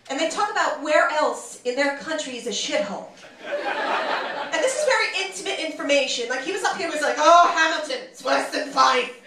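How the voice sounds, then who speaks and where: Loud, brash New York woman doing stand-up. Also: sits high. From New York, USA. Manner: loud, brash, animated, swearing freely. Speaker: stand-up comedian. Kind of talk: stand-up comedy set. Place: large comedy club stage, audience laughing. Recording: echoey room, from far off, noisy.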